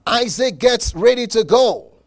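A man preaching a sermon as pastor, emphatic, with repeated words and dramatic pauses. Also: very high-pitched.

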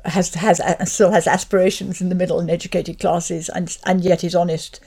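Quick, husky woman with creaky voice. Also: on the low side, flat delivery, mellow. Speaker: novelist guest. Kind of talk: discussion.

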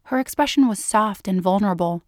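Woman reading a story slowly, dry sound. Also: medium pitch, darkish tone, no echo. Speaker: narrator. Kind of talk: scripted story narration.

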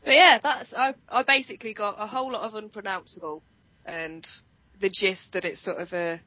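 A woman's voice: mid-range voice, a little fast, dry recording. A woman co-hosting a casual movie chat, chatty and giggly, stumbling over foreign names. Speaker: podcast co-host. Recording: dull lo-fi, dry sound.

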